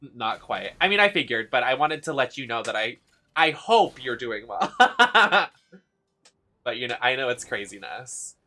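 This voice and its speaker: A young man streaming a video game live, chatting casually in an excitable, giggly, gushing way. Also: medium pitch, moderate pace.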